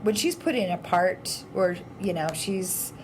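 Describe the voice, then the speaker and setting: A woman's voice: on the low side, lively intonation, slight background noise, poor audio. Agreeable woman podcast co-host. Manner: agreeable, quick reactions, laughs. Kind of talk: casual chat.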